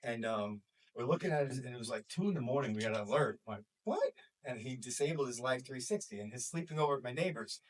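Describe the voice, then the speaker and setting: A New York man in his forties, a school counselor and life coach with a New York accent, talks to a small group at a quick pace and medium pitch. He is animated, acting out quoted voices, and sounds far off the mic.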